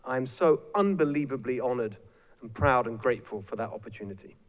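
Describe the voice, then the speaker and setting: A man's voice: mid-range voice, a little fast, phone-quality sound. Rallying British man in a big hall. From United Kingdom. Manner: energetic, rallying the crowd. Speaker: guest speaker. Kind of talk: live speech to an audience. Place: large hall with a live audience. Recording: long hall reverb.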